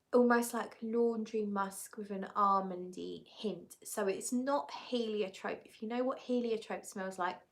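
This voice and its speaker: A woman from England hosts a casual livestream about perfumes, speaking in a medium-pitched, fairly bright voice. Chatty and relaxed, she reads viewer comments aloud and answers them.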